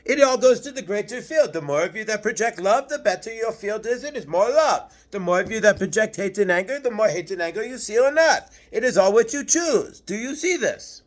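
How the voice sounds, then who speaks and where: A man's voice: high voice, animated, brisk, few pauses. A man channeling a patient, preachy male spirit master, lecturing through earnest rhetorical questions. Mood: earnest, urging.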